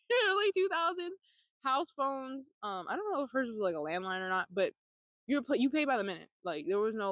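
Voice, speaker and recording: A woman's voice: medium pitch, no echo. A young woman vlogging, telling her own life story in a candid, blunt way, with free swearing and sarcastic asides.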